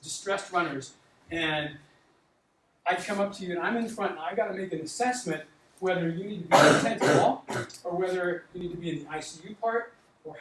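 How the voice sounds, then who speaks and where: Older male doctor, sixties, animated storyteller who acts out dialogue; distant mic in a reverberant hall. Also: high-pitched, a little hiss or hum. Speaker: doctor giving a talk to students. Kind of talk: storytelling talk. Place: large lecture hall.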